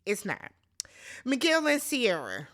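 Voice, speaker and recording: Sassy bright-voiced woman recapping. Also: a little high, huge pitch swings, slow pace. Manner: sassy, chatty, addresses viewers as y'all. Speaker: recap host. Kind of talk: casual reality TV recap.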